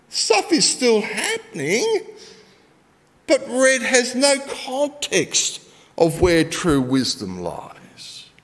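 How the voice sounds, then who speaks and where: A middle-aged Australian man preaching a sermon and telling a story, swinging between loud emphasis and quiet asides. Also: high-pitched, huge pitch swings, slow, big-room sound.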